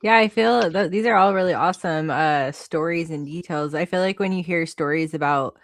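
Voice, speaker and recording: Podcast host, mid pitch, dry close sound, loose rambling questions. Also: normal speed, dry recording. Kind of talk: casual interview questions.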